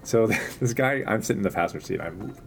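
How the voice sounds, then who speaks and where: Lively low-voiced male host. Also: brisk, creaky, slight background noise. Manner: animated storyteller, laughs often. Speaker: podcast host. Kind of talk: casual chat.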